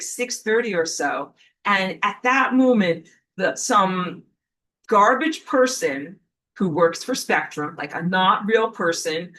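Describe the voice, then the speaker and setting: A woman talking alone to camera, telling a personal story and acting out quotes loudly. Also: mid-range voice. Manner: animated, acts out quotes in a raised voice. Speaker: online teacher. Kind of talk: casual monologue to camera.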